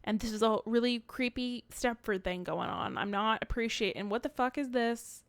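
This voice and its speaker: A woman's voice: on the high side, moderate pace, dry recording. A woman playing a video game on her channel, reading its text aloud with wry, muttered asides and casual swearing.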